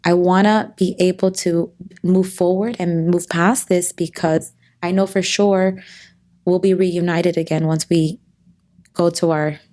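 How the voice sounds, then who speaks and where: A woman guest in an interview, talking earnestly and at times tearfully about loss and faith, with halting restarts. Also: fairly low pitch, steady tone, darkish tone. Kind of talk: emotional interview conversation.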